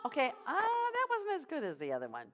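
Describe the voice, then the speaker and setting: A woman leading a choir rehearsal as vocal coach, giving encouraging instructions between high sung drills. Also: wildly swooping pitch, brisk, over music.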